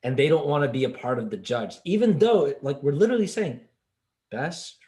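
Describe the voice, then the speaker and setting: A man's voice: fairly high pitch, big pitch swings, quick pace, dark tone. A man discussing ideas on a podcast, trailing off and hunting for words. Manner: hesitant, many fillers and restarts. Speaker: podcast co-host. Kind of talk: casual discussion.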